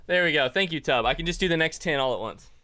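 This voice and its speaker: A man's voice: fairly high pitch, lively intonation, fast talker, sharp tone, no echo. Breathless man chatting to his stream. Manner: rambling, thanks chat by name, thinks aloud. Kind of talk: casual live-stream chat.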